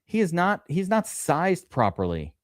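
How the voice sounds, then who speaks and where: A man's voice: a little high, wildly swooping pitch, unhurried, dry recording, clean studio sound. A man hosting a live fantasy football draft stream, chatting casually and rambling with restarts.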